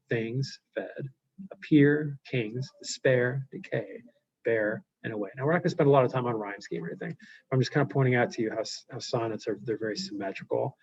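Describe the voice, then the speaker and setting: A man's voice: mid-range voice, creaky, darkish tone, husky, dry recording. A male teacher giving a live online class lecture, explaining loosely with fillers and frequent check-ins. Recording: dull lo-fi sound.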